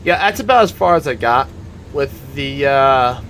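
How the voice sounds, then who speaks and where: A man's voice: mid-range voice, animated, measured pace, a bit bright, a little hiss or hum. A man, a gaming YouTuber, giving casual, rambling commentary while he plays a game. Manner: rambling, meandering storytelling.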